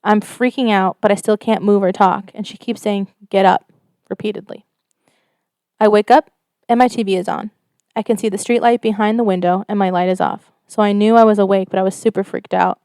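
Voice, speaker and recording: A woman's voice: mid-range voice, a little fast, clear, resonant tone, no room sound, studio quality. A woman co-hosting a casual podcast, reading out a listener's story and chatting, swearing freely. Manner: casual, swears freely, reads stories in a steady flat telling.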